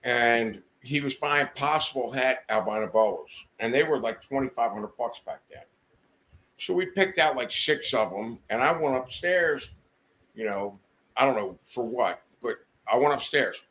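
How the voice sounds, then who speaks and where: A man's voice: medium pitch, expressive, unhurried, a bit bright. An older man, a podcast guest in a studio, telling rambling, profane stories in a casual chat. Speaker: guest storyteller.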